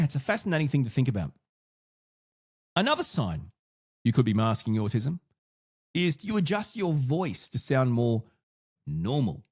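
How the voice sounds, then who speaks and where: A man's voice: mid-range voice, darkish tone, husky. A man hosting his own podcast, talking casually and thinking aloud with frequent restarts and asides. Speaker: podcast host. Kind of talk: casual solo podcast talk.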